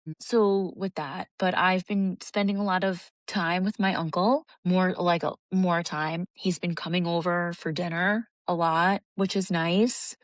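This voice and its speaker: A woman's voice: fairly low pitch, steady tone, a little slow, dry recording. A young adult woman co-hosting a podcast, talking in an earnest, reflective way in casual chat. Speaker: podcast co-host.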